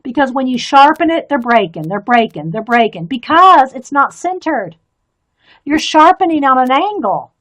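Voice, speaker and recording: A woman's voice: sits high, expressive, moderate pace, fairly bright tone. A woman chatting in a rambling, easygoing way and laughing often while she colors on a live stream. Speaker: artist streaming a coloring demo. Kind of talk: casual chat while drawing.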